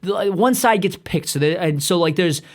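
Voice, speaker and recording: A man hosting a podcast in a profane, rambling monologue, excitable and stuffy-nosed, often trailing off and restarting. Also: high-pitched, moderate pace. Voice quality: stuffy nose. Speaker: podcast host.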